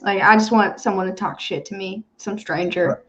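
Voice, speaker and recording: A woman co-hosting a casual sports chat, animated, swearing freely and laughing often. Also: medium pitch, normal speed. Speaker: podcast co-host. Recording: dull lo-fi sound.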